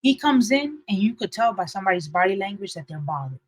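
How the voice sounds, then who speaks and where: A young woman co-hosting a podcast, telling a story in animated casual chat and acting out the people she quotes. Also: quick pace, husky, dry recording, rough recording. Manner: lively, acts out quotes with shifting pitch and loudness. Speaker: podcast co-host.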